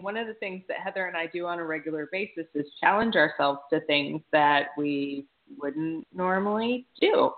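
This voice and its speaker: A woman's voice: sits low, normal speed, hardly any pauses. Woman podcast co-host chatting loosely and correcting herself mid-thought, on a thin phone-quality line. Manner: rambling, self-correcting, thinks aloud. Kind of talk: casual chat. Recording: tinny phone-like sound.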